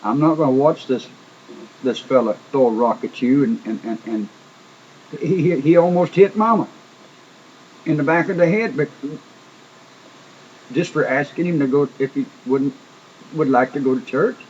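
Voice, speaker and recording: A man's voice: mid-range voice, moderate pace, long pauses, darkish tone. A man telling a testimony in an emphatic, folksy sermon style, often repeating words. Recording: dull lo-fi recording with faint noise.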